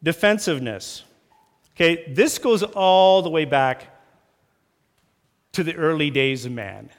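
A man preaching a sermon as pastor, talking lively and acting out quarrels in raised voices. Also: a little high, a little slow. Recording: long church hall reverb.

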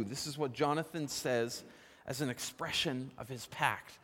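A man preaching a sermon, telling a story with lively emphasis and posing questions to the congregation. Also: medium pitch, unhurried, breathy edge. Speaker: pastor. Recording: long reverb of a large hall.

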